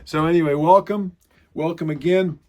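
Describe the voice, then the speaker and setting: Man, online congregation teacher, casual Bible teaching, slightly high-pitched, rambling, self-correcting. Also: fairly even intonation, normal speed, darkish tone. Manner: rambling, self-correcting, frequent filler sounds.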